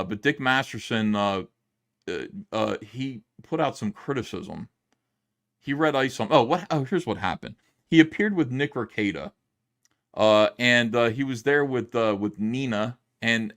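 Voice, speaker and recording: A man's voice: mid-range voice, moderate pace. A middle-aged man, a comic book creator, telling a long story in a casual livestream monologue and acting out the quotes. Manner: rambling, animated retelling with acted-out quotes.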